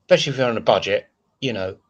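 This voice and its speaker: A man's voice: mid-range voice, racing, highs cut off. A man hosting a casual live stream. He rants in a frustrated, rambling way and reads out chat comments as he goes. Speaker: livestream host.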